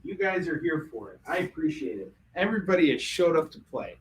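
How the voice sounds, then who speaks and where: A man's voice: fairly high pitch, big pitch swings, a little fast, slight background noise. A man running a live comic book sale, full of puns and jokey sales patter.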